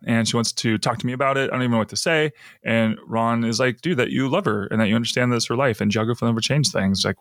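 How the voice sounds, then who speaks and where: A man's voice: mid-range voice, no room sound. Guy hosting a podcast, giggly recap of an episode, mid voice, dry close mic. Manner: laughs often, animated while retelling scenes. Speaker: podcast host. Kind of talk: casual episode recap chat.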